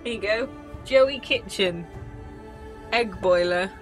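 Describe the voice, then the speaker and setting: A woman co-hosting a live drawing stream, chatting casually and teasing with playful deadpan jokes. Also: mid-range voice, takes it slowly, over music. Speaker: stream co-host.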